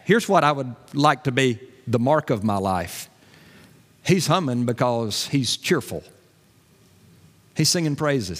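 Man, pastor, lively folksy sermon, medium pitch, long church reverb. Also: measured pace, long pauses. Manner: folksy, animated preaching that drops to a low prayer. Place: church sanctuary.

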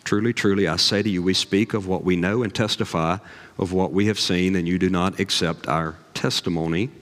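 A man, a pastor preaching a sermon with folksy stories and animated asides. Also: low voice, a little fast. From Southern US. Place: church sanctuary. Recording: long reverb of a large hall.

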